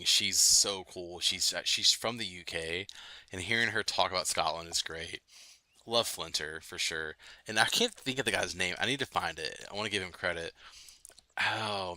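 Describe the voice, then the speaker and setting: A man hosting a late-night gaming livestream, chatting loosely with viewers, full of fillers and quick laughs. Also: deep voice, pushed and bright, dry recording. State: itchy nose. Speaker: livestream host. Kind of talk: casual gaming livestream chat.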